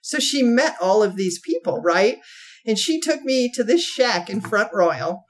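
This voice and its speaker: A woman co-hosting a podcast tells a story in a casual, animated way. She laughs often and slips into quoted voices. Her voice sits at a middle pitch. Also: a little slow. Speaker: podcast co-host.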